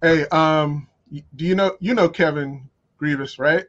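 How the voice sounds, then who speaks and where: A man's voice: on the high side, unhurried. A man co-hosting a talk show who reacts briefly and asks questions. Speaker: co-host. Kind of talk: casual chat. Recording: dull lo-fi audio.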